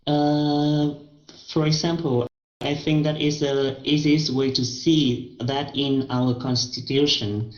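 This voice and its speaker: A man learning English, reading a passage aloud and answering his tutor slowly with frequent pauses. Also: a little high, little pitch movement. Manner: slow and halting, with many "uh" pauses. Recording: roomy, muffled lo-fi recording.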